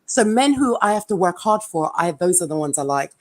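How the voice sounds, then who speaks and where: A woman's voice: on the low side, lively intonation, fairly quick. Frank, laughing woman in casual chat. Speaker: panelist.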